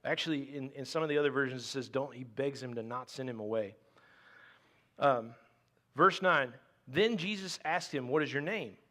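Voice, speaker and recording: A man's voice: medium pitch, moderate pace, sharp tone. A man preaching a conversational sermon as pastor, reading scripture aloud and breaking off into playful, joking asides.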